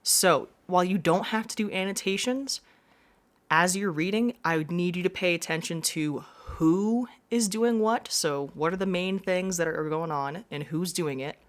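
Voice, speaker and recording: A woman's voice: on the low side, normal speed. A woman teacher giving a classroom lesson, explaining step by step with frequent reminders.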